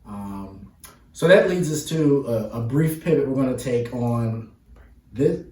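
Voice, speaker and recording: A man's voice: mid-range voice, animated, dark tone, far from the mic. Man co-hosting a casual movie review. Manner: playful, drawn-out fillers. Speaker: podcast co-host. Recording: roomy, mic set back.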